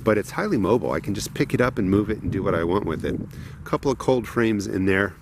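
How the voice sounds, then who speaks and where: A middle-aged man with a New Jersey accent rambles through a casual gardening vlog, voice sitting a bit low. He talks in a loose, chatty way and laughs at himself, walking from his indoor seedlings out into the cold garden. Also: expressive, fast, noisy background. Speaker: gardening channel host. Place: indoor grow room then outdoors in cold garden.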